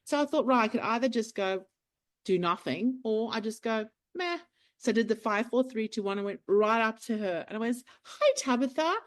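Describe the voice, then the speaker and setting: Animated woman telling stories. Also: a little high, fairly quick. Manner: animated storyteller, acts out quotes. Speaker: guest, clinic owner. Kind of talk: casual interview chat.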